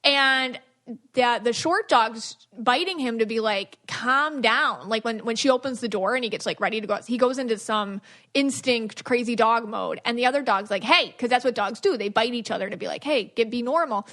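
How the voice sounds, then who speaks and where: Bright, animated woman telling stories. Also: fairly high pitch, moderate pace. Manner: animated storytelling with many fillers. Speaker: podcast host and psychic reader. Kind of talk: casual podcast chat.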